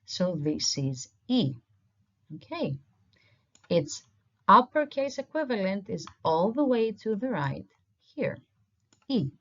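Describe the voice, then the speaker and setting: A woman teaching a recorded online language lesson, explaining patiently step by step while pointing at slides. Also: mid-range voice. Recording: dull lo-fi recording.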